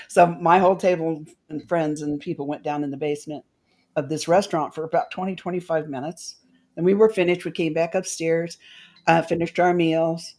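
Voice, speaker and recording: A woman's voice: low voice, darkish tone. A woman guest on a talk show, telling an emotional personal story and acting out the voices of the people in it.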